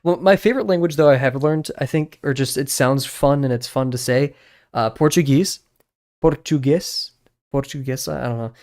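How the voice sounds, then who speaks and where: A man's voice: medium pitch, brisk, a little mellow. A young man, chatting casually on a live stream while he draws, rambling with many fillers and restarts.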